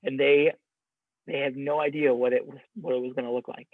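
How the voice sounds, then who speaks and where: A man's voice: medium pitch, level tone, fairly quick, no echo. A man in a casual podcast conversation, talking in a reflective, rambling way with many restarts. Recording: dry, phone-like narrow sound.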